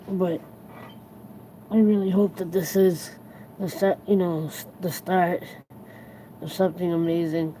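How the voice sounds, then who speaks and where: A tired livestream host chatting casually to viewers, earnest and reflective, rambling and halting with many restarts. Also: medium pitch, mellow, a little hiss or hum, rough recording.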